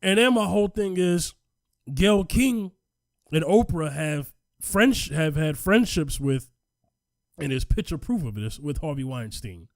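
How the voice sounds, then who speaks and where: A man hosting a casual podcast discussion, animated and emphatic, often repeating himself for effect. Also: on the high side, unhurried, no echo, studio quality. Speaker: podcast host.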